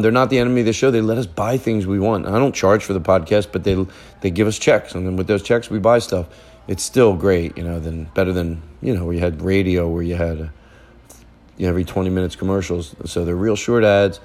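Sitting in the living room of a relative's house with a fire going, a middle-aged man hosts a casual podcast recorded with family. His low, darkish voice moves briskly with fairly even intonation, and he rambles, jokes and keeps interrupting himself.

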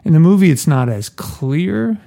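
A man's voice: fairly high pitch, very animated, a little slow, creaky, dark tone. A man co-hosting a podcast in casual, playful chat, laughing often. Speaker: podcast co-host.

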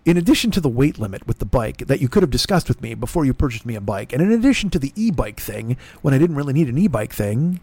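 A man's voice: mid-range voice, darkish tone, husky, no echo. A middle-aged man rambling through a profane, self-deprecating story as a podcast host, acting out both sides of conversations. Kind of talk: casual storytelling monologue. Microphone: laptop recording.

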